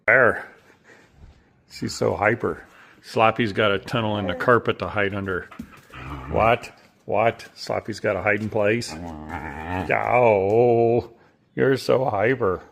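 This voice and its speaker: A man's voice: fairly low pitch, unhurried, vocal fry, slight background noise. A man filming his pets and coaxing them in a teasing, playful voice, swearing casually as he goes. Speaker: pet-owning video creator.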